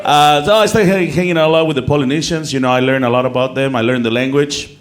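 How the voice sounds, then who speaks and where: A man with a Mexican accent working a comedy club crowd into a handheld mic. He pokes fun at himself and keeps restarting his sentences. His voice sits at an everyday middle pitch. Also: quick pace. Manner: self-mocking, stumbling restarts, laughing at his own jokes. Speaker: stand-up comedian. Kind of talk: stand-up comedy set.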